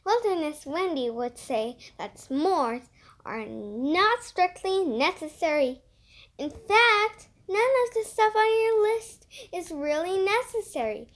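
A reader voicing a bossy know-it-all girl camper in a children's story, loud and preachy. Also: very high-pitched, takes it slowly, voice pushed up, full character voice. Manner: preachy, lively.

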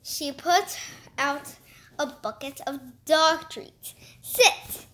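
Woman reading a kids story out loud, really high voice, bright, expressive. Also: slow. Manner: expressive, lively read-aloud. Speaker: storybook reader. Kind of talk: reading a children's story aloud.

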